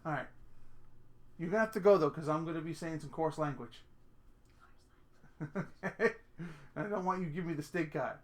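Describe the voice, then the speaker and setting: A man's voice: fairly high pitch, normal speed, long pauses. A man hosting his own casual rant video from home, rambling and correcting himself as he tells crude, jokey stories. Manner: rambling, self-correcting storyteller, crude humor.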